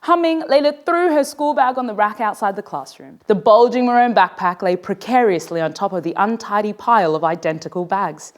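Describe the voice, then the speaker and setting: A woman author reading her own children's story aloud in a playful, expressive way. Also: medium pitch, brisk, hardly any pauses.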